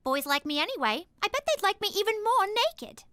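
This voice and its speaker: A spoiled, melodramatic teenage daughter from a cartoon, very high and bright. She whines and wheedles with lively swings in pitch, close and dry on the mic. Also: a little fast, dry recording, exaggerated voice. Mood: whiny. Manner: whiny, melodramatic, manipulative. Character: spoiled, dramatic teenage daughter, young woman.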